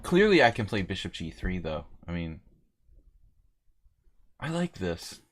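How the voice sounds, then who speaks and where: A middle-aged man with a low, deep voice, live-streaming a game and talking through his moves as he goes. His delivery is chatty and wry, and he breaks off to banter with his viewers in a relaxed, joking way. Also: unhurried. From United States. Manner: chatty and joking, answering chat mid-game. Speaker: chess streamer. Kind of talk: live-streamed game commentary, thinking aloud.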